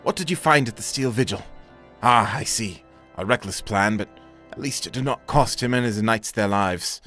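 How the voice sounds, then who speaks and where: A man voicing a courteous, composed nobleman in a video game, speaking in a measured, formal way. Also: lowish voice, sharp tone, faint music behind.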